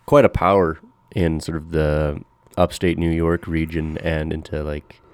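Male co-host, very low voice, dry close sound; loose, sweary banter. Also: flat delivery, clear, resonant tone, dry recording. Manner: profane, joking, quick history asides with silly voices. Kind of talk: casual chat.

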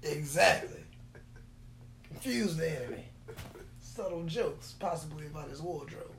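A voice rambling through a casual monologue with plenty of swearing and frequent laughter. The delivery is slow and unhurried, with a mid-range pitch. It is recorded in a roomy, echoey space with a faint hum underneath. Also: gravelly. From Texas. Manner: profane, jokey, laughs often between lines.

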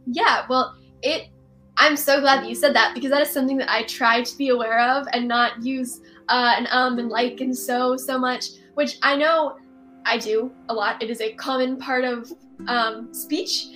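A young woman with a high, bright-sounding voice talks eagerly about her acting dreams. She is bubbly and earnest, laughing easily between thoughts, and comes through a remote video call. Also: steady tone, normal speed, soft background music, low-quality recording. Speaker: actress and voiceover artist, interview guest. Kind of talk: casual interview answers.

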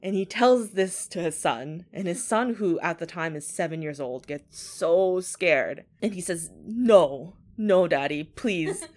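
Woman casually telling a ghost story, chatty, kinda low voice. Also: a little slow, hardly any pauses. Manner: chatty, filler 'like' often.

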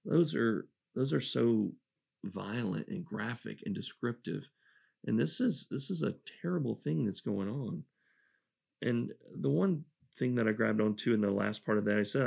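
A man's voice: medium pitch, lively intonation, moderate pace, gravelly, a little mellow, slightly rough. A man preaching a verse-by-verse Bible sermon, earnest and reflective, often restarting his phrases.

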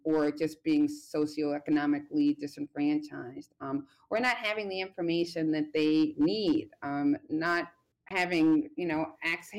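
An American woman with a somewhat low voice explains things patiently as a guest doctor on a podcast. She talks in a measured, hedging way, filling pauses with frequent ums. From United States. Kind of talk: explanatory interview answers.

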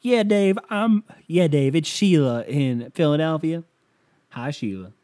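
A man voicing a flustered woman caller in deep debt, in a put-on Southern American accent. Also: lively intonation, measured pace, dark tone, no room sound, studio quality. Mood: helpless. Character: woman caller with big debts, four kids, flustered.

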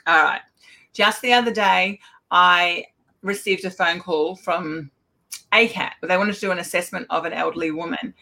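A middle-aged woman, an Auslan educator giving a casual talk with lively anecdotes and acted-out exchanges. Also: lowish voice, normal speed, gravelly. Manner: animated storyteller, acts out quoted exchanges.

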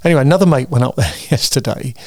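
A man's voice: mid-range voice, animated, fast, no echo, studio quality. A tired man hosting his weekly solo show, chatting in a meandering way with frequent ums and restarts. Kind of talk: casual rambling monologue.

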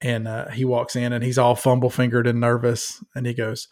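A man's voice: mid-range voice, completely flat delivery, moderate pace, hardly any pauses, darkish tone. An American man co-hosting a podcast, chatting enthusiastically about movies with lots of fillers and restarts. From United States. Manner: enthusiastic, rambling, many fillers. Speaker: podcast co-host. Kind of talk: casual movie-ranking chat.

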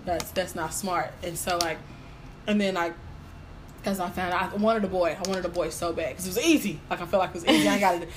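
A woman's voice: fairly low pitch, quick pace, crowd noise. A young woman talking as a guest, telling her story animatedly and acting out what people said. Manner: animated storytelling, acts out quotes. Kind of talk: casual chat.

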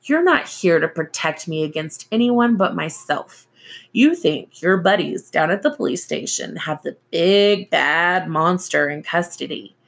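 A woman reading the part of a grieving, slightly drunk woman in an audiobook, slurred and drawling, with a husky voice. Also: lowish voice, animated, unhurried, full character voice. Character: grieving tipsy woman, defensive and bitter.

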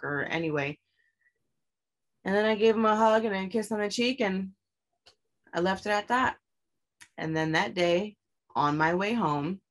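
A young adult woman telling a personal story in a candid, blunt way, swearing often and pressing her points with emphasis. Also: deep voice.

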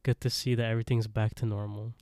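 A man's voice: lowish voice, flat delivery, quick pace, mellow, no echo, studio quality. A man co-hosting a podcast, recapping an episode in a rambling, casual way and acting out the characters' lines with laughs. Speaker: podcast co-host.

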